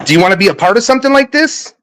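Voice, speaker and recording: A man's voice: high-pitched, big pitch swings, rapid-fire, sharp tone. A man arguing heatedly on a voice call panel, stammering and repeating himself as he talks over others. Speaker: panel speaker. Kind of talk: heated argument on an online voice panel.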